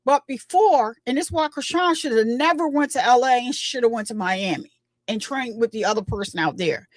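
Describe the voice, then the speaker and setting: A woman's voice: a little high, expressive, a little fast, no room sound. A woman hosting her own channel, giving casual, emphatic commentary and retelling what people said. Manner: chatty, emphatic, retells quotes.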